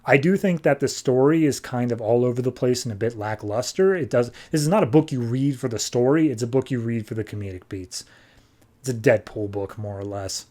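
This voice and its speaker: A man's voice: medium pitch, a little fast, warm tone. A man hosting a podcast, giving a casual, rambling review of a comic book. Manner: rambling, conversational. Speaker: podcast host.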